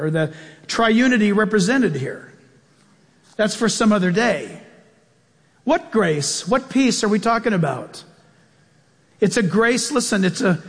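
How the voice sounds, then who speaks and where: A man preaching a sermon as pastor, telling stories in an animated way with sudden jumps in pitch. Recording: long church-hall reverb.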